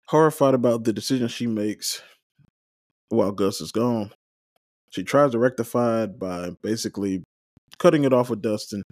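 A man's voice: on the low side, darkish tone, dry recording, studio quality. A man hosting a watch-along recap, talking casually and giving his opinions at length. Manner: conversational, opinionated, rambling with fillers. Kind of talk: casual solo recap commentary.

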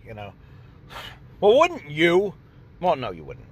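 Man, podcast host, rambling, sarcastic, lively swooping voice, a bit high. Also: unhurried. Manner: rambling, sarcastic, acts out imagined dialogue. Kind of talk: casual monologue.

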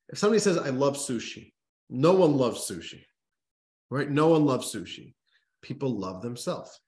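A man, a rabbi, teaching a religious text class, telling a story and stressing points with emphatic repeated restarts. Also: on the high side. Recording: roomy echo.

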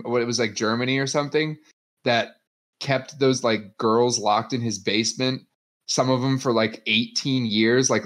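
A young man co-hosting a podcast, talking in an easygoing, rambling, reflective way. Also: mid-range voice. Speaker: podcast co-host. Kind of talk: casual podcast chat.

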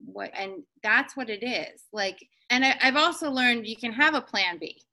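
A woman's voice: a little high, expressive, moderate pace, sharp tone. A woman hosting a casual podcast chat, talking in an earnest, reflective and motivational way.

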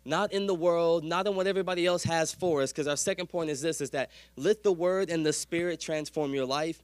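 A man's voice: a little high, a little fast, dry recording. Male pastor, upper-register voice, folksy preaching, dry close sound. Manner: lively preaching with call-and-response to the congregation; folksy, says "y'all". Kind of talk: sermon.

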